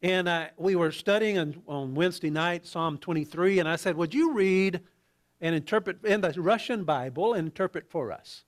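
Male pastor, slightly high voice, talky sermon with restarts and soft asides. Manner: conversational, halting with restarts, drops to quiet asides.

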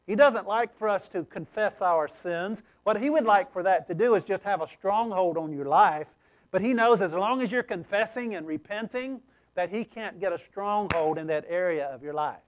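A man preaching a sermon, emphatic, asking "okay?" often and swinging from loud pleas to quiet asides. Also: high voice. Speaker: pastor.

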